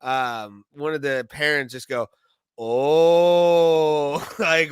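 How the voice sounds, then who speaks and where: A man's voice: on the high side, steady tone, very slow, clean tone, no room sound. A man co-hosting a podcast, casually telling a story from his refereeing days and swearing freely. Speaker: podcast co-host, former hockey referee. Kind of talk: casual chat.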